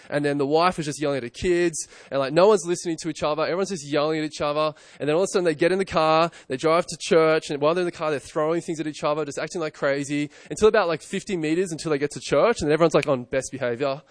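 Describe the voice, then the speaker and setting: Pastor, a man in his 30s, preaching casually with repeated questions, slightly high voice, close and dry. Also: dry recording. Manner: conversational, self-correcting, rhetorical questions. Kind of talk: sermon.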